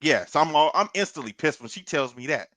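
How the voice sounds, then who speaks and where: A man on a podcast telling a long story in a casual, animated way, swearing and laughing as he goes. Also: fairly high pitch, fast, dry recording. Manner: animated, profane, laughs through his story. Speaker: podcast co-host.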